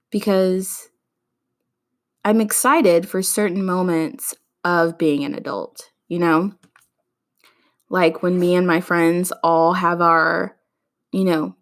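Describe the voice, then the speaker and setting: A young woman in her twenties talks through her solo podcast in a chatty, ranting way, calling her listeners y'all. Her voice sits a little low for a woman. She stays casual and conversational throughout. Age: 20s. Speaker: podcast host.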